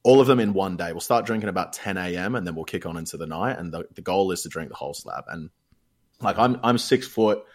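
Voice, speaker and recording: Deep aussie dude rambling thru a story, swears a lot, casual chat. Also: male voice, fast. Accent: Australian. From Australia. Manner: rambling, swears freely, animated retelling.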